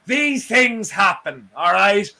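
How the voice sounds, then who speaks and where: A man's voice: high voice, big pitch swings, takes it slowly, creaky, bright, forceful tone, low-quality recording. A man from Ireland, a regular panelist on a fan show, bantering and laughing in exasperation on a video call. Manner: laughing, exasperated, self-mocking. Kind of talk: casual banter.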